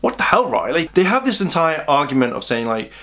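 A man's voice: on the high side, sing-song, fairly bright tone. A young British man talks through a show's episodes in a casual, rambling recap. He keeps it chatty and informal, with plenty of asides. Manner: chatty, acts out characters' lines in quick put-on voices. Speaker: fan reviewer.

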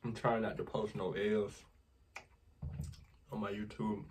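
A man's voice: fairly low pitch, flat delivery, slow, a little mellow, a little hiss or hum. A man vlogging casually to his viewers on a phone camera, exclaiming often and talking straight to them.

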